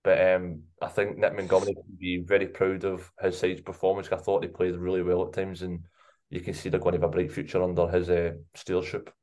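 A man co-hosting a football podcast, giving measured analysis. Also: low-pitched, completely flat delivery, darkish tone. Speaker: podcast co-host.

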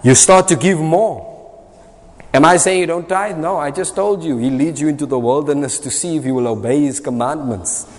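Emphatic South African preacher in a hall. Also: male voice, on the high side, normal speed. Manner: emphatic and repetitive, swinging between loud and soft. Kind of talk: sermon. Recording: long reverb of a hall.

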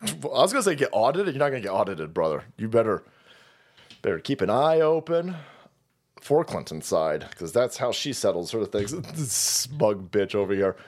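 A man's voice: lowish voice, sing-song, moderate pace. A man hosting a livestream, ranting in a profane, sarcastic way and often laughing. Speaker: livestream host.

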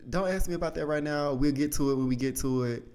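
A man's voice: fairly high pitch, quick pace, darkish tone, pitched above the performer's own voice, lightly acted. A man imitating his father as a tired, irritable dad who brushes off his child's questions. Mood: irritated. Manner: dismissive, snapping.

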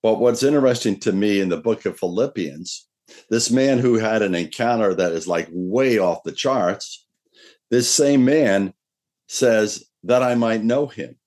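A man with a low voice preaching a sermon. He talks earnestly and draws out the scripture passages he reads, lifting his voice on the key words. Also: darkish tone. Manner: earnest preaching, slows and lifts his voice when reading scripture. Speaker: pastor.

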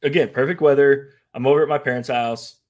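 A young man from the American Midwest, co-hosting a casual podcast and telling stories with lively, acted-out quotes. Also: a little fast. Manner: animated storyteller, acts out quotes in a high voice. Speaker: podcast co-host. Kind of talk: casual chat.

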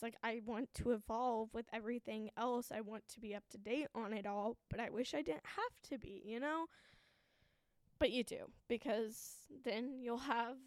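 A woman's voice: on the high side, no room sound. Shaky-voiced young woman podcaster. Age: 20s. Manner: shaky, anxious and frank, swears often, laughs at herself. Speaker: podcast host. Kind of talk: candid solo podcast monologue.

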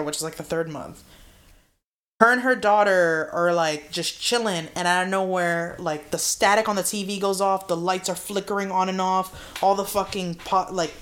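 A woman's voice: mid-range voice, fairly bright tone. A young woman co-hosting a podcast, telling a creepy story in casual chat, full of swearing and "like" and "right?". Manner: swears a lot, fillers like "like" and "right?". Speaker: podcast co-host.

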